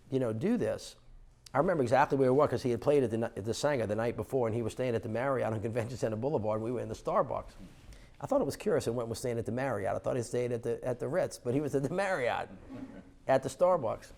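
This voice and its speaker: A middle-aged man from New Orleans talks in a gravelly voice at a mid pitch. He tells an animated story on stage at a fundraiser and acts out the dialogue as he goes. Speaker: former mayor. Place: stage conversation at an indoor fundraiser.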